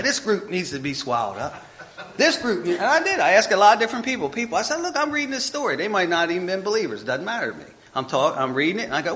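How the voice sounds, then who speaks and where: Heard on a dull lo-fi recording, this male preacher speaks on the high side with a sharp tone. His sermon is conversational and self-mocking, and he trips over the text while reading scripture aloud.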